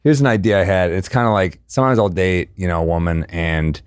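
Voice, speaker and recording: A man's voice: sits low, steady tone, brisk, clear, resonant tone, dry recording, clean studio sound. A man co-hosting a comedy podcast, rambling with lots of fillers and casual swearing as he works out joke ideas. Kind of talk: casual chat, workshopping jokes.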